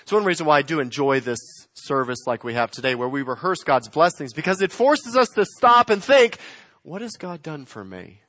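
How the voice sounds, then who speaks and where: A man preaching a sermon, swinging between loud emphatic lines and quiet, slowed phrases. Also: fairly high pitch, animated, dry recording. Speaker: pastor.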